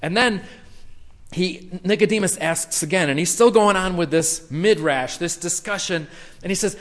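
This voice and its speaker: A man preaching in a casual, animated way, his slightly high voice carrying through a hall with a long reverb. He talks with the congregation and acts out the quotes he tells. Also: normal speed. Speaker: pastor. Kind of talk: sermon.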